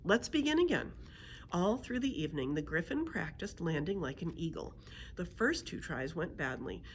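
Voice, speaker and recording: A woman librarian reads a children's book aloud in an expressive storytelling style. Her voice sits a bit low but rises and falls with lively range. A faint hiss lingers behind the recording.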